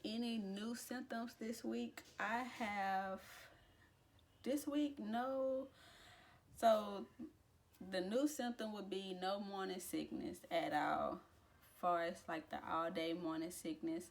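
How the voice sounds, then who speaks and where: A young woman talking casually to camera in a vlog, chatty and relaxed, with frequent fillers and restarts. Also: mid-range voice. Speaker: vlogger. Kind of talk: casual pregnancy update vlog.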